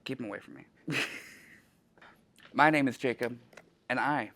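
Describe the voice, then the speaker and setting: A man's voice: medium pitch, moderate pace, vocal fry, fairly bright tone. A man who works at a library, telling chatty, self-deprecating stories in a casual interview, with lots of filler ums and frequent laughter. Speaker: library staff member. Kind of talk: casual anecdotal interview answers.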